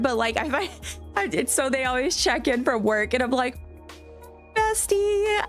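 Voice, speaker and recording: A woman live streamer with a light Cajun-tinged Southern American accent, chatting casually in a rambling, self-correcting way and laughing often. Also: medium pitch. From Cajun country, US South. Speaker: live streamer playing a life-sim game.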